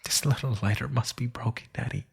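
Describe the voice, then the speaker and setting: A terrified young boy pleads in a thin, raised, tearful voice that shakes as he speaks, as a storyteller puts him on. His breathy, husky tone makes him sound fragile in this audio thriller story. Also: medium pitch, steady tone, a little fast, pitched above the performer's own voice. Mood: pleading.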